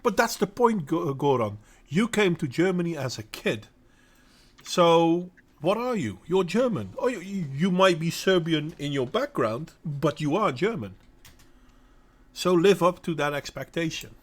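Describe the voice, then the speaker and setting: Dutch guy, middle-aged, kinda high voice, hosting a chat and talking straight at viewers, blunt and emphatic, stops to hunt for words. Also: big pitch swings, a little slow. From Netherlands. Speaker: host answering viewers. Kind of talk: casual opinionated monologue.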